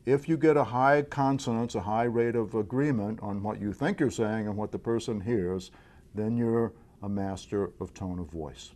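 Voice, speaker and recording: Man giving a clear coaching lesson. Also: on the low side, darkish tone. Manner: clear, deliberate instructional delivery. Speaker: presenter of a communication tips series. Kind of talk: direct-to-camera coaching lesson.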